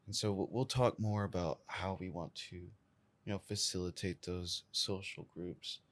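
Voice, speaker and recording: A man, an event organizer guest in a casual interview, talking haltingly and searching for words. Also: low-pitched, fairly even intonation.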